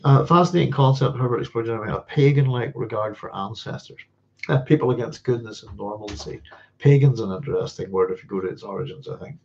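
A man's voice: fairly low pitch, a little fast, vocal fry, a little mellow. A man hosting a live science fiction Q&A, chatting casually and rambling, with many fillers and restarts and frequent chuckles. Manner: chuckles often. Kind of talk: casual livestream chat answering viewer questions. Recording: dull lo-fi sound.

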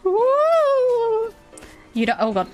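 High, lively, giggly woman streamer. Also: a little slow. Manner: giggly, playful, prone to sudden shrieks. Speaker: game streamer. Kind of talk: live-streamed gameplay chat. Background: game music.

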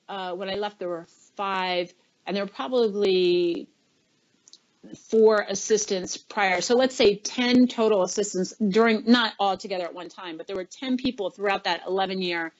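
A middle-aged woman tells a long story in an interview, putting on the voices of the people in it. Her voice sits at an everyday pitch. The audio is a bit dull and lo-fi. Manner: animated storyteller, acts out quoted lines. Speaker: interview guest, former chief of staff.

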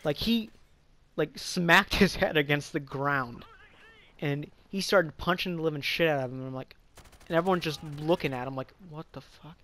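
A man's voice: fairly high pitch, normal speed, a bit bright. A young man telling a casual story, rambling and profane with lots of fillers.

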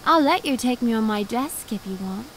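A seductive, scornful hotel owner, voiced by a woman who teases with a suggestive drawl. Her voice is fairly high, with faint noise behind it. It is a video game performance. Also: animated, normal speed, natural voice, low-quality recording. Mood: teasing.

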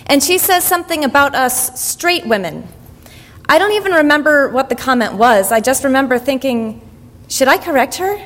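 A woman's voice: high voice, fairly bright tone. A woman telling a personal story in a conversational monologue on stage. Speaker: monologue performer. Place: university event hall. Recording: long hall reverb.

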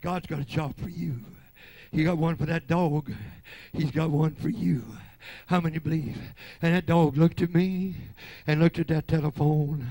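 An older pastor preaching a revival sermon. He swings between low murmured stretches and shouted, rising exhortation. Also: fairly even intonation, normal speed, no room sound.

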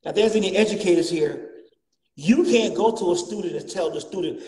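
A man preaching a fervent sermon as a guest bishop, repeating refrains and rising to shouts. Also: high voice, fairly quick. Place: church sanctuary. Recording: echoey church, distant mic, faint noise.

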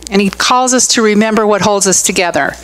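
A woman's voice: mid-range voice, fairly quick, a bit bright, low-quality recording. A middle-aged woman pastor giving a conversational sermon, telling stories and asking the congregation questions. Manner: chatty, storytelling, asks the room questions.

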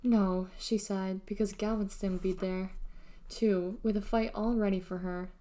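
Female storybook reader, mellow tone, steady and expressive. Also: mid-range voice, normal speed. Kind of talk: reading a children's novel aloud.

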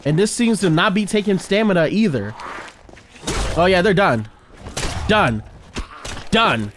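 Excitable high-voiced young gamer guy. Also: a little slow, noisy background. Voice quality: loud, excitable, trash-talking. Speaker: gaming video host. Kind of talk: excited let's-play commentary. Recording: game soundtrack playing behind.

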